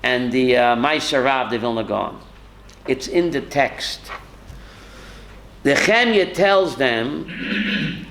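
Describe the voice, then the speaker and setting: A man's voice: mid-range voice, animated, slow pace, pauses often, a bit bright, a little hiss or hum, rough recording. A man, a rabbi, teaching a Torah class to students, calling on them by name and quoting Hebrew sources.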